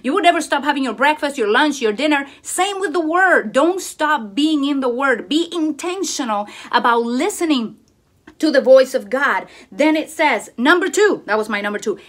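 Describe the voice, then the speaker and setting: A woman with a high, bright-sitting voice talks through a casual craft tutorial and a devotional, full of enthusiastic exclamations. She sounds eager and expressive, as if chatting with friends. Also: normal speed. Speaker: crafting vlogger sharing a devotional.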